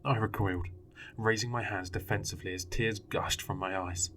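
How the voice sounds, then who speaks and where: A man's voice: fairly low pitch, fairly even intonation, normal speed, fairly bright tone, a little hiss or hum. A man narrating a horror story in a grave, dramatic manner.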